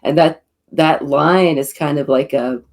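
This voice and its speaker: A guest on a casual review chat, thoughtful and measured, often quoting lines while explaining a point. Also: medium pitch, fairly even intonation.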